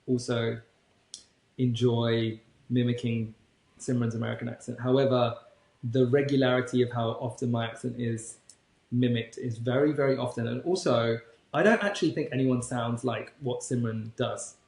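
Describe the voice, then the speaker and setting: Male podcast co-host, teasing and wry, gravelly, roomy echo. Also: medium pitch, steady tone, moderate pace, a little mellow. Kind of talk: casual chat.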